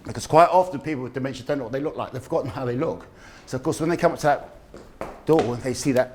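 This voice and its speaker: A middle-aged man giving a lively talk on dementia care, acting out the people in his stories. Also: mid-range voice, racing, noisy background. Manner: animated storyteller, acts out quoted voices. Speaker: dementia awareness speaker. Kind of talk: lively public health talk. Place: community event room.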